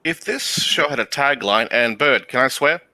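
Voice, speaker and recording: A man's voice: medium pitch, lively intonation, moderate pace, sharp tone, no room sound. A man with an Australian accent, teasing and joking in a casual group chat and swearing freely. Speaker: guest.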